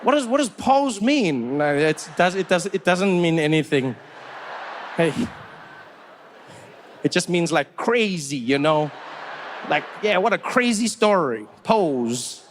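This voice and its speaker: A man tells stand-up stories in an animated, mock-exasperated way. His voice sits notably high for a man, with a faint wash of ambience behind him. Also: slow pace, pauses often, slight background noise. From South Africa. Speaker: comedian. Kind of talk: stand-up comedy.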